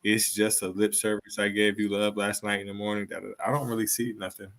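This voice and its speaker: A man's voice: fairly low pitch, flat delivery, fairly quick, a bit bright. A man co-hosting a podcast in casual chat, blunt and profane, joking with the others. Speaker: podcast co-host.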